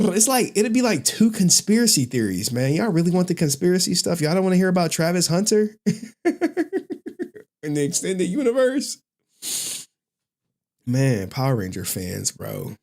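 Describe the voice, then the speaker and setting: A man hosting a live stream, chatting casually in an animated, rambling way and laughing often. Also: sits high, a little slow, gravelly. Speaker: streamer, host.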